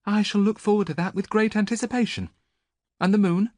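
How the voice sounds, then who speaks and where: A woman's voice: medium pitch, steady tone, a little fast, a little mellow, no echo, pitched above the performer's own voice, lightly acted. A man voicing a proud, sarcastic young priestess in an audiobook, speaking in a dry, mocking way.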